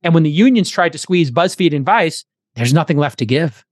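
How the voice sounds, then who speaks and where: A man's voice: a little high, fairly quick, no echo, studio quality. A man hosting a podcast, chatting casually and jokingly, then reading an upbeat ad. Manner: animated, jokey, salesy in ad reads. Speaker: podcast host. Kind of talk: casual chat and host-read ad.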